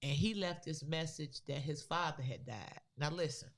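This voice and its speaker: A woman co-hosting a podcast, telling a personal story in a casual, animated way with loose, vernacular phrasing. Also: low voice, moderate pace. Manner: animated, acts out the people in her story. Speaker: podcast co-host.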